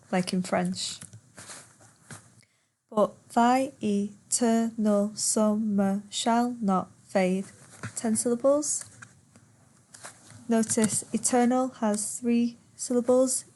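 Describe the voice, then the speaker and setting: A woman's voice: medium pitch, darkish tone. A woman teacher in a poetry lesson who reads verse aloud and patiently repeats words to count their syllables.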